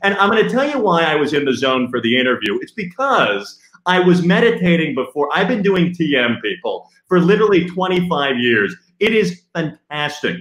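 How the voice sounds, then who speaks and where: A man's voice: fairly high pitch, big pitch swings, moderate pace, hardly any pauses, a bit bright. A man impersonating a smug, self-assured man who speaks emphatically. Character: smug man preaching about meditation. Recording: roomy echo.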